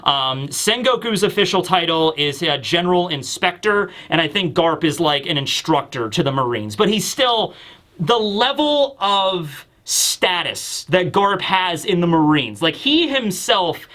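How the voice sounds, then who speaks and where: Laughing often and leaning on "like" and other fillers, a U.S. host rambles animatedly through a casual manga review. His voice is high and bright, with a sharp edge to it.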